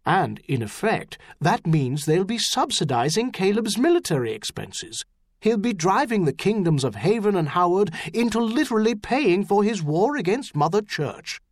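A man's voice: sits high, very animated, normal speed, no room sound, studio quality, voice pushed up, full character voice. A man reading an audiobook, voicing a pious, earnest treasurer who explains things urgently. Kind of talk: audiobook character voice.

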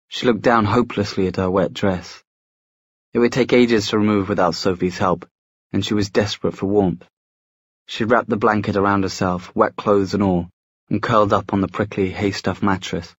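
A man narrating a fantasy audiobook in a measured, even storytelling manner. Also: fairly low pitch, no room sound. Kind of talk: scripted narration. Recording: dry, slightly dull studio sound.

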